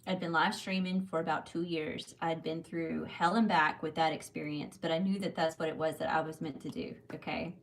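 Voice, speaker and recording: This is a woman in her thirties with a drawl, hosting a live tarot reading. Her voice sits a little low, and she talks in a loose, rambling way, calling her viewers "y'all" and tagging "okay?" onto her points. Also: steady tone, normal speed, few pauses. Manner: chatty, warm direct address with many "okay?" and "y'all". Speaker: tarot reader on a livestream.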